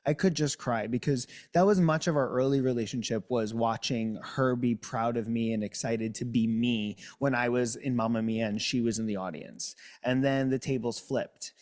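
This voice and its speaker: A man from New Jersey speaks as a guest in a relaxed podcast conversation. He is exuberant and theatrical, and his voice leaps upward whenever he gets excited. His pitch sits in a middle range for a man. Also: normal speed, few pauses. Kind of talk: casual interview chat.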